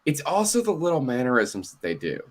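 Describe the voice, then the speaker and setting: A man co-hosting a casual chat, animated and swearing freely, laughing often and acting out quotes. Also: medium pitch, brisk. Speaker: co-host.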